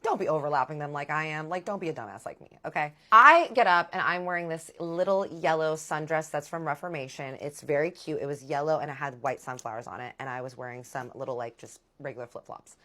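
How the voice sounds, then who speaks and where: Low-voiced woman telling a storytime. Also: fairly quick, hardly any pauses. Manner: animated, profane, talks straight to viewers. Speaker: storyteller vlogger. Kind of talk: casual storytime chat.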